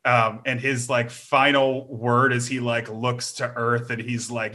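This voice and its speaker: A man's voice: medium pitch, flat delivery, unhurried, few pauses, bright, forceful tone. A young man talking casually, rambling with many fillers and restarts. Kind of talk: casual chat.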